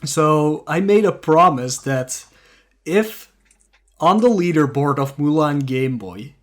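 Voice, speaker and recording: A man co-hosting a casual podcast, speaking in a dry, unhurried way and chuckling often. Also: fairly high pitch, expressive. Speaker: podcast co-host. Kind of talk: casual chat.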